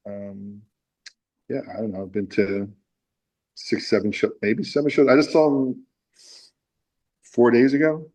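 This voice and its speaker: A man's voice: lowish voice, flat delivery, unhurried, pauses often, darkish tone, low-quality recording. A man being interviewed about his music, telling a long, rambling anecdote with many restarts. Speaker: musician guest. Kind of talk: casual interview storytelling.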